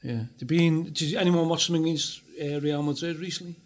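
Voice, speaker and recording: A man's voice: on the high side, steady tone, fairly quick, crowd noise. A man hosting a casual football chat, rambling with many fillers and restarts. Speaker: host.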